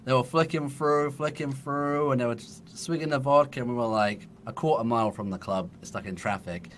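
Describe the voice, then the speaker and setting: A man's voice: mid-range voice, fairly quick, a little hiss or hum. A man in his thirties with an English accent, a podcast guest telling a long, laughing story in casual chat. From England.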